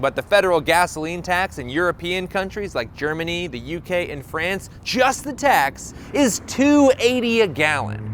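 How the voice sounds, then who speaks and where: A man's voice: a little high, a bit bright, slight background noise. A young man hosting a comedic explainer video, sarcastic and jokey, with swearing along the way. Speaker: host.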